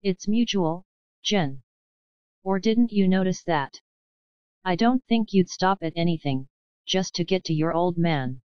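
A woman's voice: lowish voice, a little slow, long pauses, a little mellow, clean tone, no room sound, natural voice. Hot-headed proud college guy, a woman narrator doing his lines, dull dry audiobook sound. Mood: heated. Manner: defensive, heated. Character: young man, proud, hot-tempered college student.

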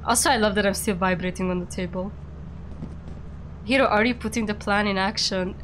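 A young woman hosting a casual game stream, playful and teasing, quick to exclaim. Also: mid-range voice, fairly even intonation, a bit bright, a little hiss or hum. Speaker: streamer and VTuber host.

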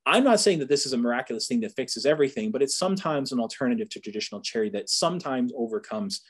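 Husky-voiced man giving a chatty lecture. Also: medium pitch, expressive, racing. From Boston area. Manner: conversational, joking asides, frequent "right?" tags. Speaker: university professor giving a talk. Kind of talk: informal lecture to an alumni audience.

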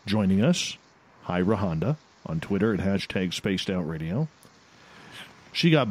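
A male radio host chatting casually and reading out listeners' results in a halting, unhurried way. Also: low-pitched, sing-song, creaky, breathy edge. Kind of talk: casual talk-radio chat.

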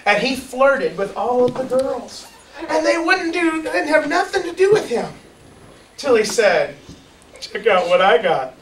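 A man teaching a children's church lesson, telling a story in a lively, playful way and joking with young volunteers. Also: very high-pitched, measured pace, slight background noise. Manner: lively, playful, chatty, asks the audience questions. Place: large room with kids, music playing. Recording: echoey room, voice from far off.

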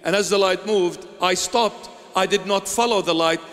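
A male bishop delivers a sermon slowly and emphatically, posing rhetorical questions and answering them himself. His voice is high-pitched and fairly bright, resounding in a large hall.

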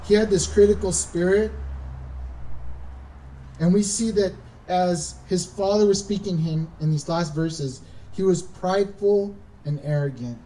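A man's voice: sits high, a little slow, warm tone. A man pastor giving a conversational sermon in a church, acting out the lines of the Bible characters as he goes. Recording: distant mic with faint background noise.

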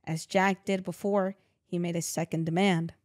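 A woman's voice: fairly low pitch, little pitch movement, normal speed, darkish tone, dry recording, clean studio sound. Casual young woman reading aloud. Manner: laughing, swearing, jokey asides while reading. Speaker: co-host reading a legend aloud. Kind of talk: casual chat with read-aloud storytelling. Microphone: own microphone.

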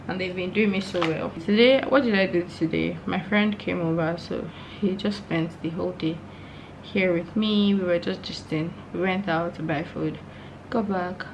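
Young nigerian woman vlogging in her room, lowish voice, chatty and laughing a lot, faint hum behind. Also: vocal fry, dull audio. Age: 20s. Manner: chatty, laughs often, frank asides. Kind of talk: casual vlog chat. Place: her room at home, indoors.

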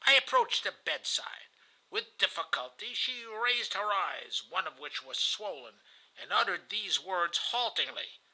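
A man's voice: high-pitched, sing-song, a little slow, bright, forceful tone, breathy edge, poor audio. A man reading a novel aloud in the first person, earnest and confessional. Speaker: audiobook reader.

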